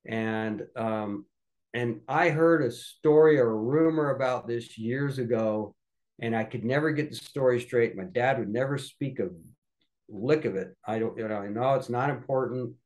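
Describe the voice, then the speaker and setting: A man who is a podcast guest, telling a family story in an animated, conversational way with frequent restarts. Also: mid-range voice, unhurried.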